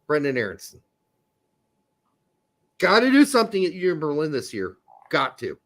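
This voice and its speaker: With a fairly high pitch and moderate pace, a man banters on a casual soccer podcast as co-host. His talk is animated, jokey and profane.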